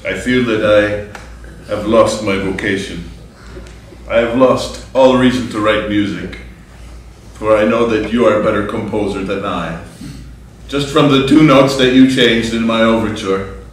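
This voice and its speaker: Guy playing a mopey composer, dry deadpan, noisy echoey stage sound. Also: fairly low pitch, measured pace, lightly acted. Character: insecure male composer, self-doubting. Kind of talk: live improv comedy. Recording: echoey room from far off, noisy.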